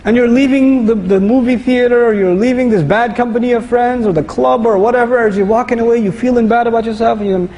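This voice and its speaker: Fast-talking high-voiced male lecturer. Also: dark tone, in a large hall, a little hiss or hum, rough recording. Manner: conversational, recites Arabic verses and explains them. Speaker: Islamic lecturer. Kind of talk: lively sermon-style lecture.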